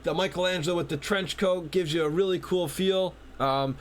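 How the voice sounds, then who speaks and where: A man's voice: high-pitched, normal speed, few pauses. A man co-hosting a podcast, chatting about comics in a friendly, loose way, sprinkled with "you know" and "uh". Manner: chatty and upbeat, laughing, hedging with "you know". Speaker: podcast co-host. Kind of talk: casual comic review chat.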